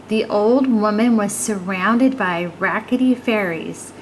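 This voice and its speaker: Slow, expressive woman storyteller. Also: medium pitch, a little hiss or hum, low-quality recording. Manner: slow, expressive read-aloud with sound words. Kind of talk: reading a children's story aloud.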